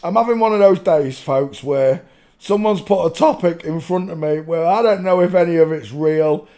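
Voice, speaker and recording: A man's voice: a little high, normal speed, warm tone. A man hosting his channel, rambling through casual commentary in a swearing, easily giggling manner. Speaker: channel host.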